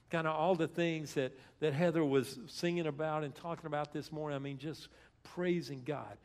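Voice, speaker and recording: A man's voice: on the high side, a little slow, creaky. A man giving a conversational sermon as a guest speaker in a church, retelling scripture in plain everyday speech.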